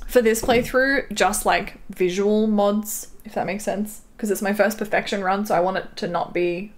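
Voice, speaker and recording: With game music playing clearly behind her, a young Canadian woman chats casually during a farming game stream, reading her chat aloud and often giggling. She has a steady, medium-pitched voice at a normal speed.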